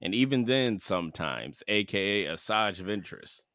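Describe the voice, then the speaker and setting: Brief: a host who chimes in with short, firm remarks in a low, slow voice. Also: male voice, lively intonation, fairly bright tone. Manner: short backchannels and firm interjections. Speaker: podcast host. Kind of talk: casual interview chat.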